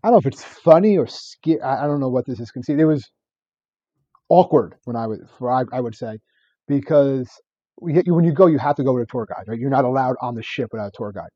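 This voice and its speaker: A man chatting on a podcast, rattling through stories at a quick clip. His voice is dark and husky, full of restarts. The sound is dull and dry, close and lo-fi. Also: mid-range voice, no echo. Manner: rambling storyteller with many restarts and laughs. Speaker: podcast co-host. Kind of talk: casual chat.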